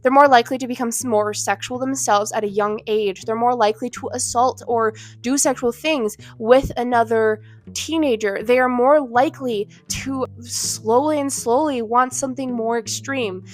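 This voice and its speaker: A woman's voice: on the high side, fairly even intonation, normal speed. A woman in her twenties giving a heated, indignant rant to camera, blunt and swearing. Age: 20s. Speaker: vlogger. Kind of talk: ranting commentary to camera. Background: faint background music.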